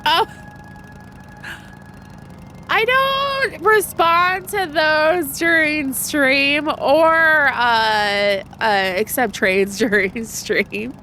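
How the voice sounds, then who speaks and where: A woman's voice: sits high, very slow, pushed and bright, slight background noise. A young woman streaming a video game, congested and chatting in a rambling way with her viewers. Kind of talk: casual let's-play commentary.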